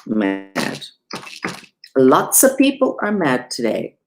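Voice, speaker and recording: A woman who is a spiritual teacher, explaining mantras and mudras in a casual, chatty online lesson, with self-deprecating asides and wide swoops in pitch. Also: huge pitch swings, takes it slowly, darkish tone, a little hiss or hum.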